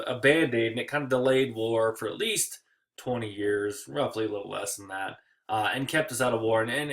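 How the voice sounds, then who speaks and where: A man teaching history in a casual recorded lecture, joking often and talking loosely with many fillers. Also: medium pitch.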